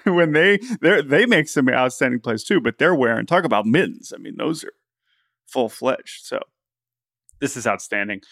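A man's voice: mid-range voice, expressive, normal speed, a bit bright, no echo, clean studio sound. A man co-hosting a podcast, talking in an enthusiastic, rambling way with many restarts. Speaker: podcast co-host. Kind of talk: casual podcast chat.

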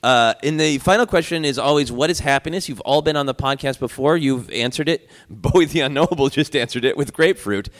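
A man hosting a podcast, asking his guests playful questions and laughing along. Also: medium pitch. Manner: playful, laughing, quick asides. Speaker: podcast host. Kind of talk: casual chat.

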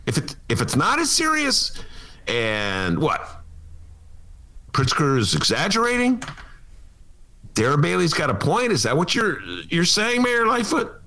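A man's voice: a little high, huge pitch swings, unhurried, pauses often, sharp tone, slight background noise. A man hosting a political talk show, giving opinionated commentary with sarcastic, jokey asides.

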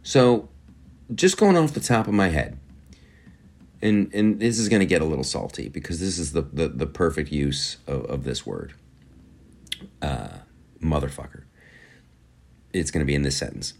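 A man's voice: a bass voice, lively intonation, normal speed, vocal fry, long pauses. A man hosting a casual political commentary show, sarcastic and profane, mocking opponents in put-on voices.

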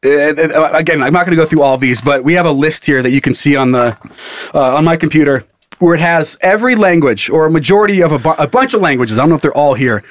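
A man's voice: fairly high pitch, expressive, fast talker, no echo. Joking, swearing man on a dry mic. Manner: jokey, profane, laughs often. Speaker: podcast co-host. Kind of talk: casual comedic chat.

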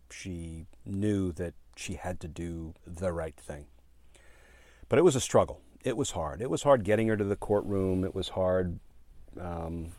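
A man's voice: deep voice, a little mellow, dry recording. A man, a former prosecutor, telling a courtroom story in an earnest speech on policing, with many fillers and emphatic repeated phrases.

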